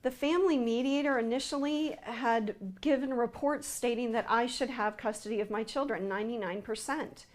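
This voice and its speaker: In an interview, a woman recounts a personal account, speaking haltingly with frequent fillers and restarts. Her voice is on the high side.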